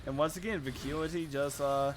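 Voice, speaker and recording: A man's voice: on the high side, fairly even intonation, normal speed, noisy background. A man giving live esports play-by-play commentary, tired and rambling, with self-aware asides. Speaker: esports caster.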